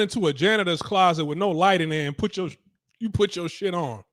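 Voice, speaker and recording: A man's voice: high-pitched, fairly quick, no room sound, clean studio sound. Blunt, profane man with a drawl. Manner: blunt, profane, animated and dismissive. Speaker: streaming talk show host. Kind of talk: casual reaction commentary.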